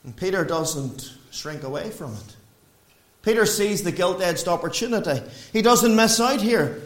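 A man preaching a sermon in a church, swinging between raised emphatic lines and quiet low passages. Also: expressive, measured pace. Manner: preaching with wide swings in pitch and loudness. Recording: echoey room.

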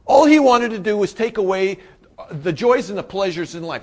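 A man preaching a sermon. He swings from loud, emphatic bursts to quiet asides and repeats his key phrases for weight. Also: high-pitched, lively intonation, moderate pace. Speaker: pastor.

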